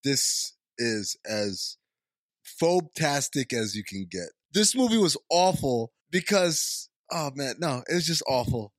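A man's voice: mid-range voice, big pitch swings, unhurried, no echo. A man co-hosting a movie podcast, ranting emphatically and laughing about a bad film. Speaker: podcast co-host. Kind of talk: casual movie review chat.

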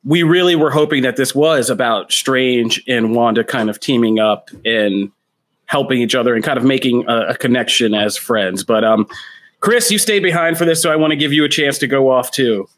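A podcast host in casual chat, relaxed, passing the floor to the guests. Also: medium pitch, moderate pace.

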